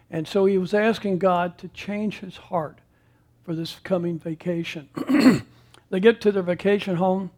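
A male preacher with a fairly high voice, telling a story in a sermon. His delivery is measured, with dramatic pauses. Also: darkish tone.

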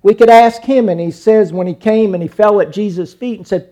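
A middle-aged man preaching a sermon, dramatic, swinging from hushed lines to sudden loud cries as he acts out scenes. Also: sits high, moderate pace.

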